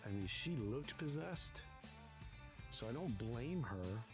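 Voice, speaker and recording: A man casually telling a personal story in an animated, rushed way, often restarting his sentences. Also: mid-range voice. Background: music.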